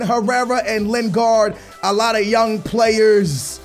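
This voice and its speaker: A young man doing loud, slangy live commentary over a football video game, his voice strained from shouting. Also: very high-pitched, a little slow, hardly any pauses, soft background music. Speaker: gaming YouTuber.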